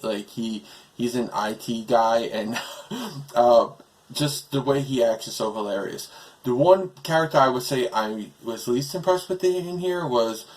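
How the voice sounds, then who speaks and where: A man's voice: mid-range voice, low-quality recording. A man casually reviewing a show, rambling with many fillers, his voice breaking today.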